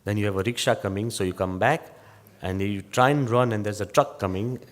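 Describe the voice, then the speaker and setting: An older man from England, a monk giving a motivational talk, telling humorous stories with wry, lively delivery. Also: fairly low pitch, brisk. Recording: long reverb of a large hall.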